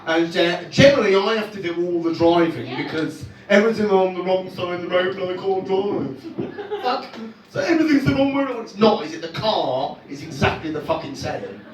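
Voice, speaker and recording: A man performing stand-up, telling stories in an exasperated, swearing manner with sudden jumps in pitch. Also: lively intonation, normal speed. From England. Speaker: stand-up comedian. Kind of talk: stand-up routine. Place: comedy club stage. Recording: echoey club, distant mic, audience laughing.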